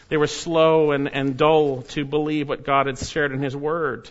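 A man preaching a sermon, stressing key words loudly and dropping to quiet, low asides. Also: level tone, a little slow, few pauses, muffled recording. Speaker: pastor.

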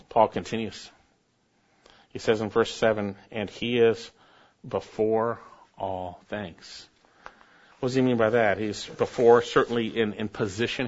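A man preaching a sermon, reading scripture aloud and building to sudden emphatic rises in pitch and force. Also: dull audio. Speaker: pastor.

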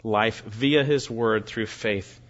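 A man preaching an expository sermon, reading verses aloud with slow, deliberate emphasis. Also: lowish voice. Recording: dull lo-fi recording.

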